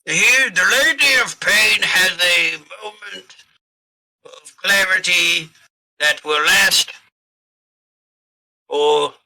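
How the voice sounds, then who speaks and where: A man's voice: high voice, very slow, pauses often, bright, forceful tone, exaggerated voice, poor audio. A man voicing a fussy, flustered male keeper of a magical maze in a tabletop game. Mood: busy.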